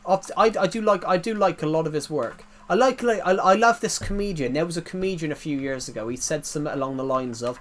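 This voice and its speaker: A man's voice: fairly high pitch, fast, few pauses. A man chatting casually while streaming a game, telling rambling anecdotes and laughing at his own jokes.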